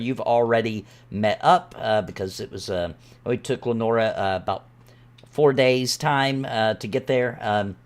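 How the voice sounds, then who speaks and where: Man running a tabletop game. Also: medium pitch. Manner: relaxed, halting with fillers. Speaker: game master.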